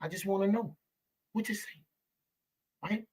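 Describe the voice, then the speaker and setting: A man's voice: high voice, measured pace, a little mellow, breathy edge. A man hosting a live stream, talking to viewers in a preachy, repetitive way and calling them baby, with speech. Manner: preachy, repeats himself, calls viewers baby. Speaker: live show host.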